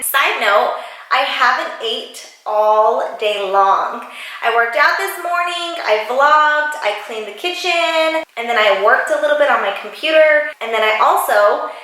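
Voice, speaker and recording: A young woman chatting excitedly with viewers in a casual vlog, in a bubbly, sing-song way, talking to a camera at home. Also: a little high, very echoey, rough recording. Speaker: YouTuber. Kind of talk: casual mukbang vlog chat. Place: room in her new home.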